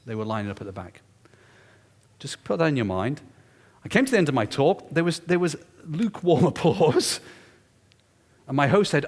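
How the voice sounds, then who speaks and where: A man's voice: fairly high pitch, big pitch swings, fairly quick, long pauses. A man telling a story during a public lecture, emphatic and confiding. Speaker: guest lecturer. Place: lecture hall. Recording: echoey lecture hall.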